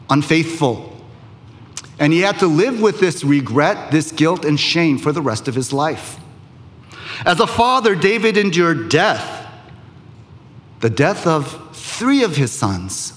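A man preaching a sermon to a congregation, speaking in measured phrases with emphatic pauses. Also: on the high side, big-room sound. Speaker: pastor.

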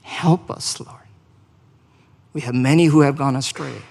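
A man's voice: mid-range voice, measured pace, vocal fry, darkish tone, long reverb tail. A man preaching a sermon and leading a closing prayer, speaking earnestly, asking the congregation questions and rising to emphatic peaks. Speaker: pastor.

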